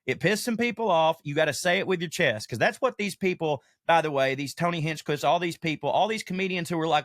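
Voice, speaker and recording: A man's voice: on the high side, a little fast, few pauses, no room sound, studio quality. Fired-up profane man on a podcast. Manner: animated, profane, rants with comic asides. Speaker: podcast host, comedian. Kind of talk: casual podcast monologue.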